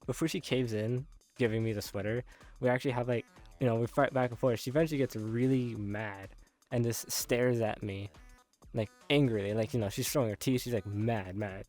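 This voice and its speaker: A man's voice: mid-range voice, steady tone, brisk, a little mellow, faint music behind. A young man casually retelling a dream, rambling with many filler words and frequent laughs. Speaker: content creator.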